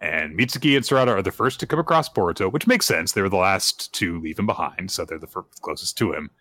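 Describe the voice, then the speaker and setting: A man's voice: low voice, fast talker, dry recording. A man on a casual podcast, retelling a manga chapter and acting out the characters' lines with lots of fillers. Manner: animated storytelling, acts out character quotes, many "uh"s. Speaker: podcast co-host recapping manga.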